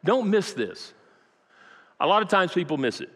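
A man preaches a Sunday sermon, his somewhat high voice ringing with long reverb through a large sanctuary. He builds a story with dramatic swells and drops into wry asides for the congregation. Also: sing-song, moderate pace. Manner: dramatic storytelling with acted quotes, rising to loud peaks. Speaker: pastor. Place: church sanctuary.

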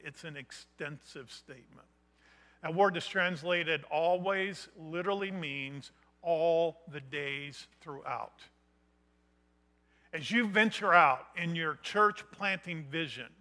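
A middle-aged male preacher delivering a missions sermon. His voice sits a little high and bright, with a forceful edge. He builds point by point and rises to emphatic, loud declarations.

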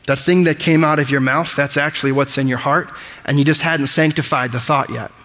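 A man's voice: fairly high pitch, steady tone, a little fast, hardly any pauses, fairly bright tone, long reverb tail. A man preaching a sermon with emphatic delivery, explaining scripture word by word. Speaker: pastor.

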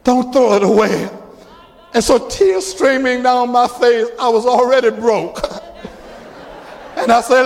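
High-voiced older preacher, gravelly. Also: male voice, steady tone, a little slow, a little hiss or hum. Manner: preaching with rising, shouted emphasis. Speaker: pastor. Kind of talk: sermon. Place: church sanctuary. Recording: long church reverb.

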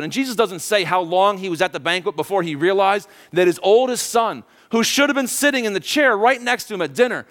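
A man preaching a sermon and retelling a story in a conversational, animated way, often asking the listeners questions. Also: high-pitched.

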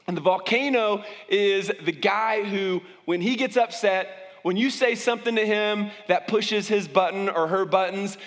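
A man's voice: sits high, a little slow, fairly bright tone, long reverb tail. A man preaching as a pastor, talking conversationally and often restarting his sentences. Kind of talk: sermon.

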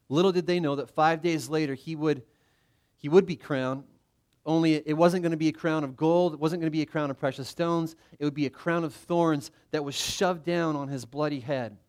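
A middle-aged male pastor giving a conversational sermon, joking about himself and often restarting his sentences. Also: fairly high pitch. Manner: conversational, self-deprecating, with frequent restarts.

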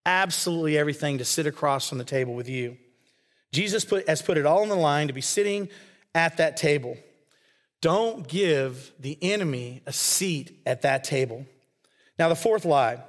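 A man's voice: a little high, a bit bright. A man preaching a sermon as a pastor, earnest and conversational, often acting out quoted voices. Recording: long hall reverb.

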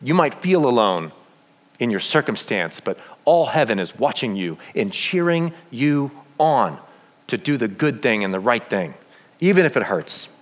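Male pastor, lively swooping delivery, long reverb around him. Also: mid-range voice, unhurried. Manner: animated, asks many rhetorical questions. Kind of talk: sermon. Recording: long reverb of a large hall.

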